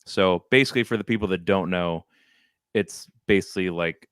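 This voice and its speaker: A man's voice: sits low, normal speed, clean tone, no echo. A man co-hosting a podcast, telling a rambling, self-deprecating story in casual chat on a close microphone. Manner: animated, rambling anecdote with self-deprecating laughs. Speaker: podcast co-host. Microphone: close studio microphone.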